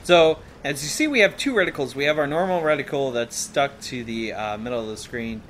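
A man talks his way through a video game at a middling pitch, rambling and playful and quick to laugh at himself. Game sound effects stay clearly audible under his voice the whole way through. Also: expressive, a bit bright, slight background noise. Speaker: let's play host. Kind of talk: gameplay commentary.

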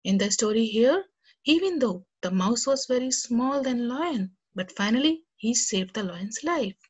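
A woman's voice: fairly high pitch, expressive, measured pace, breathy edge, highs cut off. A woman teaching a lesson to young children and reading them a story, talking to them cheerfully and directly. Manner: cheerful, speaks directly to kids.

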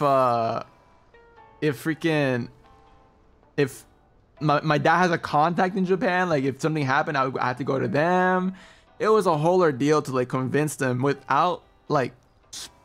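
A fairly high-voiced man chats casually while he plays a game on stream. He tells stories with a lot of energy, laughs often and keeps saying bro. Faint game music plays behind him. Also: moderate pace, vocal fry. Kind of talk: casual gaming stream chat.

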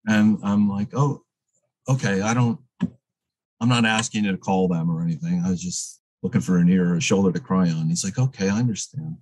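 A man's voice: low-pitched, steady tone, a little fast, darkish tone, no echo, low-quality recording. A man guest in a casual interview, telling rambling stories full of fillers and restarts.

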